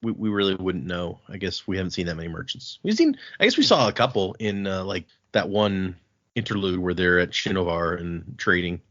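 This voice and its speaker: Guy hosting a book podcast, animated and chatty, kinda muffled audio. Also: deep voice, fairly quick. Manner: animated, laughs often, many restarts. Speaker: podcast host recapping a book. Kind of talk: casual book-club chat.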